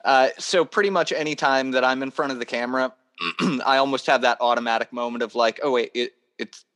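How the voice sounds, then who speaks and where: A man who makes toys, a guest on a casual podcast, telling stories in an animated, theatrical way. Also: medium pitch, brisk. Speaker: toy maker guest.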